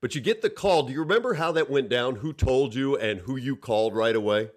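A man's voice: medium pitch, a little fast. Man interviewer setting up a question. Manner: builds up context before asking.

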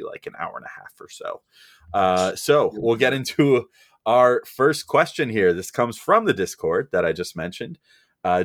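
A man's voice: sits low, a bit bright, no room sound, clean studio sound. A man hosting a casual podcast, rambling and joking, laughing easily as he moves between topics. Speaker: podcast host.

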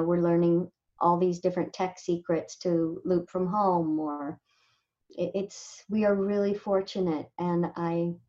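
A woman voice actor from Southern California talking casually in an interview, animated and quick to mimic people. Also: fairly low pitch, muffled recording. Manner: animated, slips into lively mimicry of others. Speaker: voice actor guest.

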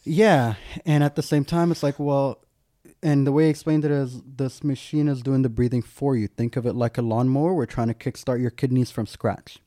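A man's voice: medium pitch, steady tone, moderate pace, dark tone, no echo, studio quality. A man, a guest, telling a personal story in candid, casual talk, full of "like" and wry self-mocking humour.

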